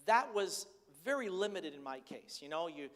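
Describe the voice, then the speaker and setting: An older man preaching a conversational sermon as pastor, candid and animated as he tells stories. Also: high-pitched, moderate pace. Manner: candid, chatty, animated storytelling. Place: church sanctuary. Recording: reverberant church hall.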